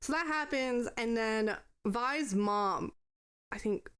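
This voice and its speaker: Woman, podcast co-host, casual movie recap, slightly high voice, profane storytelling. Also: takes it slowly, fairly bright tone, clean tone.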